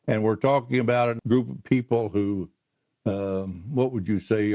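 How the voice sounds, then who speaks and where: A man's voice: on the low side, mellow. Older guy telling old stories, lots of uhs, kinda muffled recording. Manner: slow, halting storyteller with many "uh" pauses. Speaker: interviewee recalling his career. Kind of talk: oral history interview.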